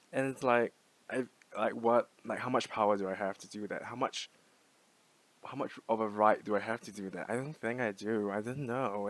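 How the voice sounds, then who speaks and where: Low-voiced young guy from singapore, light singaporean english accent, rambling vlog talk, like like like. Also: fairly bright tone, rough recording. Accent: mixed, light Singaporean English. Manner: rambling, many "like" fillers and restarts. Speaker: vlogger. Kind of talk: unscripted musing to camera.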